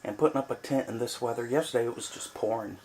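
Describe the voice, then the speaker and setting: A man rambles casually to a handheld camera inside a small woodland cabin, his talk loose and full of fillers. His voice sits at an ordinary middle pitch, with a faint hiss and the crinkle of snack bags behind him. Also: quick pace, a little mellow. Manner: rambling, chatty, many fillers. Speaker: vlogger on a cabin trip.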